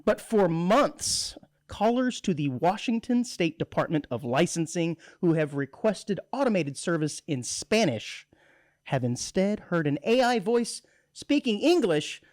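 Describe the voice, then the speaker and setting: A man hosting a radio show, chatting in a jokey, animated way and laughing often. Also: sits high, a little slow, no echo, clean studio sound. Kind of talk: casual radio banter. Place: radio studio.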